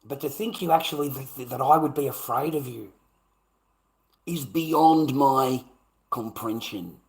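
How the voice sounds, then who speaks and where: A man's voice: mid-range voice, unhurried. A man delivers a heated livestream rant, confrontational and full of swearing. He repeats his phrases for emphasis and slips into heavy sarcasm, speaking in a mid-range male voice. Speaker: channel host.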